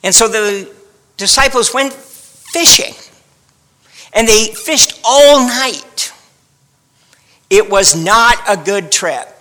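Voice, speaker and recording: A man's voice: high-pitched, expressive, slow pace, pauses often, bright, forceful tone, long reverb tail. A man preaching a sermon in a wry, dramatic storytelling manner. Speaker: pastor.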